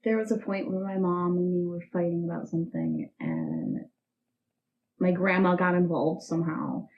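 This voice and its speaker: Low-voiced young woman, candid and halting. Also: expressive, narrow, tinny audio, faint music behind. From United States. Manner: candid, emotional, halting with restarts. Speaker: interview guest. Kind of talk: personal storytelling interview.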